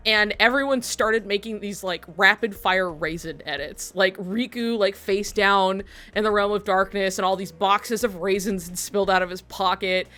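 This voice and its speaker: A woman's voice: medium pitch, normal speed, few pauses, bright, forceful tone. A woman streamer telling a long story to her chat in a rambling way, laughing often and swearing freely.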